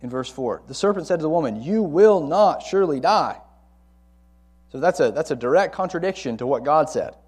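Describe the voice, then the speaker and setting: A man's voice: mid-range voice, lively intonation, fast, hardly any pauses, husky. A man teaching a Bible lesson to a college ministry, speaking conversationally and repeating key words for emphasis.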